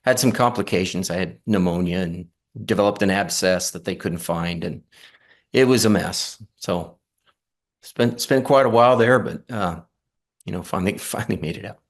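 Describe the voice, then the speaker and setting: A middle-aged man telling his story in an earnest, halting way, with many fillers and restarts. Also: sits low. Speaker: near-death experience guest. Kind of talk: casual storytelling.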